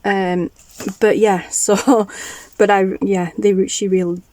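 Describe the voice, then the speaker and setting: A woman's voice: medium pitch, level tone, slow pace, darkish tone, no room sound, low-quality recording. A woman, chatting enthusiastically as she shows off a craft haul. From northern England. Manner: gushing, enthusiastic, chatty with restarts. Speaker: craft vlogger. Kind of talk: casual show-and-tell haul.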